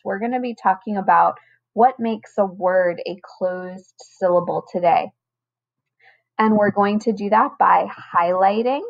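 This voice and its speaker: A woman teaching a recorded lesson to first graders, speaking slowly and patiently with careful, stretched-out pronunciation. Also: mid-range voice, gravelly, lo-fi sound. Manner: slow, patient, over-enunciated teacher talk. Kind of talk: recorded online lesson for children.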